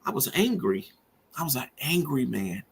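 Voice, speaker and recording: A man's voice: medium pitch, big pitch swings, normal speed, gravelly, a little hiss or hum. A middle-aged man hosting a podcast, talking earnestly and preacherly about grief and faith. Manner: earnest, preacherly, rising with feeling. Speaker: podcast host. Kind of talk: emotional personal monologue.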